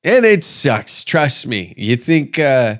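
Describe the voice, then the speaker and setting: A man's voice: mid-range voice, big pitch swings, slow pace, fairly bright tone. A man hosting a podcast, ranting with heavy swearing and sarcasm in a comedic monologue. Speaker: podcast host. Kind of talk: comedic rant.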